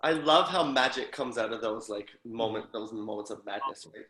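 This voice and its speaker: A man's voice: medium pitch, normal speed, bright, forceful tone, slight background noise. A man hosting a podcast interview, asking questions and recalling shared stories with fond enthusiasm and frequent laughter. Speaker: podcast host. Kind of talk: casual interview chat. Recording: echoey room.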